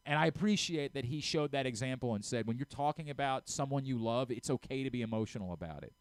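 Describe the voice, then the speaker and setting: A middle-aged sports radio host talks in an earnest, heartfelt way, tripping over his words and starting sentences again as feelings catch up with him. His voice sits at an ordinary male pitch. The studio sound is close and dry, with no room echo. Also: expressive, fast, few pauses, clear, resonant tone. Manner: earnest, openly emotional, frequent stammered restarts. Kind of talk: sports talk radio monologue.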